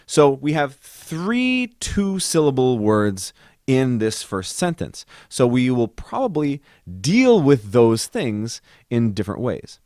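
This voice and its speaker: Lively-voiced man teaching composition. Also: medium pitch, takes it slowly, no room sound, studio quality. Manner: speaks lyrics aloud to find their rhythm; counts beats aloud over piano chords. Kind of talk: music composition lesson. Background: faint piano.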